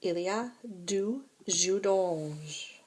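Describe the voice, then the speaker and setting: Slow, patient woman teaching French. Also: lowish voice, a little mellow, a little hiss or hum. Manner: patient, explains step by step with frequent "right?" and "okay?". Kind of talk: recorded classroom lesson.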